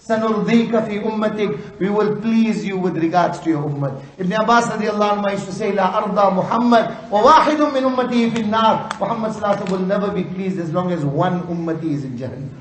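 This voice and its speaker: A man preaching an impassioned sermon, at times rising to shouts, recorded in a hall. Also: sits high, a little hiss or hum. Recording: echoey hall.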